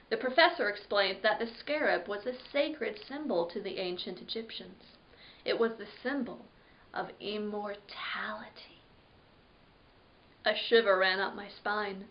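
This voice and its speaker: A woman reads a children's story aloud with dramatic flair, jumping into sudden yelps. Her voice sits a little high, and the recording sounds dull and lo-fi. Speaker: library storyteller. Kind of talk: expressive read-aloud story narration.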